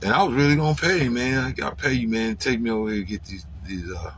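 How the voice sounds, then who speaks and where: A man telling a personal story in casual, profane speech. He ends many phrases with "man" and acts out his own past lines in a louder, higher voice. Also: fast talker, a little hiss or hum.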